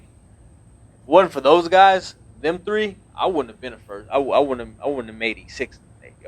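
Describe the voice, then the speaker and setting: A man in his thirties, a naval officer, talking earnestly in a casual podcast interview, rambling with many restarts. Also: mid-range voice.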